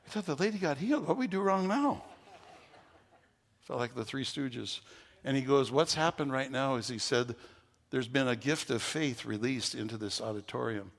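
A man's voice: mid-range voice, moderate pace, vocal fry. A man preaching as a pastor, telling a story to his congregation and leading prayer. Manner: storytelling, growing loud and excited at the climax. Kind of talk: sermon.

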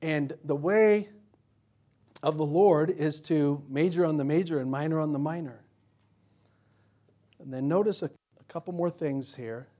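High-voiced preacher, chatty. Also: male voice, measured pace, long pauses, warm tone. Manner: conversational, jokey, asks the congregation questions. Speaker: pastor. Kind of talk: sermon.

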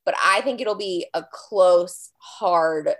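A woman's voice: lowish voice, slow pace. Blunt, slangy woman fan. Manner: blunt, slangy, wry about her team. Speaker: guest fan. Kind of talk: casual podcast chat.

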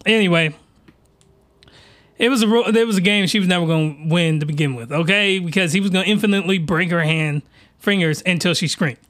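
A man hosting a podcast, giving crude, animated reaction commentary that often rises into excited yelling. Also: high-pitched, a little fast. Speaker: podcast host.

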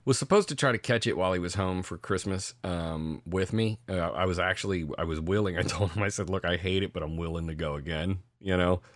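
A middle-aged man co-hosting a podcast, telling stories in a casual, profane, animated way. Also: sits low, brisk, hardly any pauses, dry recording, studio quality. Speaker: podcast co-host. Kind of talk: casual chat.

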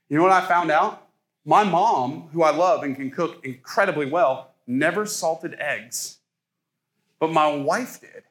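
A man's voice: a little high, brisk, fairly bright tone. A man in his thirties from Ohio, preaching a casual sermon as a pastor and joking with the congregation.

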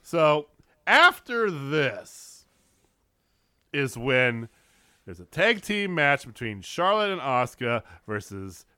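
Animated bright-voiced man in casual chat. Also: medium pitch, slow pace, smooth, no room sound, clean studio sound. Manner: animated, joking, swearing. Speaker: podcast co-host.

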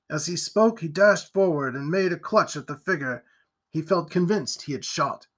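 A man narrating a gothic novel as an audiobook in an expressive, theatrical reading. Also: on the high side, moderate pace.

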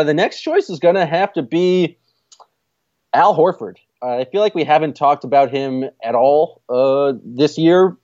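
A man co-hosting a casual sports podcast, talking in a relaxed, easygoing way with frequent pauses to think. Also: mid-range voice, no echo, dull audio. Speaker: podcast co-host.

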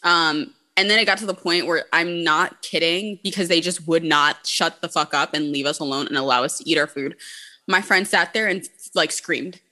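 Woman, co-host, bright tone, casual chat, blunt, profane. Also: low-pitched, normal speed. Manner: blunt and profane, heavy use of "like".

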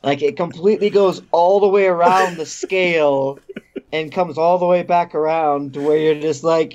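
Wry higher-voiced man on a dull line. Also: fairly even intonation, moderate pace, a little mellow. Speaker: podcast co-host asking questions. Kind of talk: casual chat.

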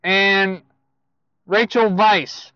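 A man giving casual movie news to viewers, speaking in a halting way with self-corrections and asides. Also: sits high, fairly even intonation, sharp tone, smooth, no echo, lo-fi sound.

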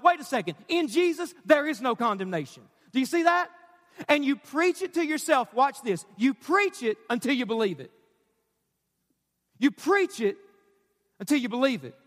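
A man's voice: extremely high pitch, animated, normal speed, a bit bright. A man preaching a sermon to a congregation, urgent and emphatic. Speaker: pastor. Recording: live hall with long reverb.

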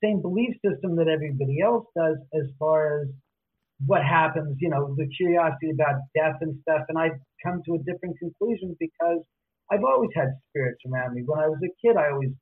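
A man telling stories as an interview guest, lively, acting out the voices of people he quotes. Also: on the high side, a little fast. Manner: animated, acts out quoted voices. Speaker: author and guest. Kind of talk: casual storytelling interview. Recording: tinny phone-line audio.

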